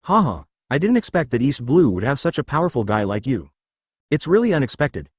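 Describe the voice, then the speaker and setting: A man's voice: medium pitch, sing-song, fairly quick, breathy edge, no echo. A smug, cornered crime boss read by a man in a plain, level tone. The delivery still rises and falls a lot from line to line. The sound is close and dry.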